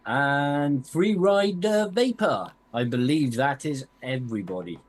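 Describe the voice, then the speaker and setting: A man co-hosts a casual live stream and slowly reads out the names of viewers. His voice rises and falls a good deal as he goes. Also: mid-range voice, lively intonation. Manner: slow, reading out a list. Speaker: co-host reading chat names.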